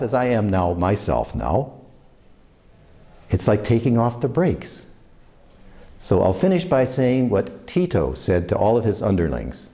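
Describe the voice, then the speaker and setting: A man's voice: fairly low pitch, big pitch swings, measured pace, dark tone. An older man with a New York accent giving a motivational talk, telling anecdotes and acting out the voices of the people in them. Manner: anecdotal, acts out quoted voices. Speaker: speaker giving career advice.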